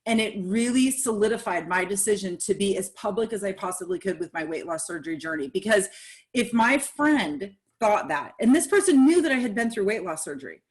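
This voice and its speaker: A woman speaking candidly in a casual podcast conversation, animated and acting out the reactions of others. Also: medium pitch, a little fast.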